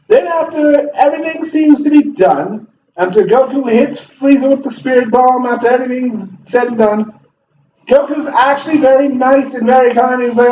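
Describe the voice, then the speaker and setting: A high-voiced man delivers an impassioned, cursing rant while he plays a game. He sounds set back from the microphone in an echoey room. The sound is dull, with a faint hum underneath. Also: expressive, normal speed, a little mellow, far from the mic. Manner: heated, profane, impassioned ranting. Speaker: gaming channel host. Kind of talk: ranting commentary while playing a game.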